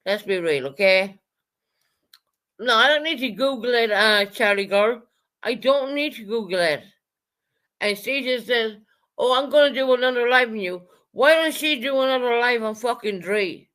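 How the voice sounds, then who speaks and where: A woman's voice: on the high side, expressive, measured pace, a bit bright. Foul-mouthed woman ranting on a livestream. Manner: profane, heated and repetitive; addresses chat viewers by name. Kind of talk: angry livestream rant.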